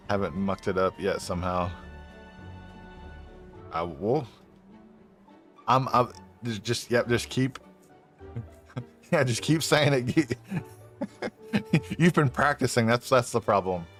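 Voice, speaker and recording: A man's voice: fairly low pitch, slow pace, pauses often, fairly bright tone. A young man commenting casually while playing a game on stream, laughing often and swearing, rambling loosely. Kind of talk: casual let's-play commentary. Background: faint game music.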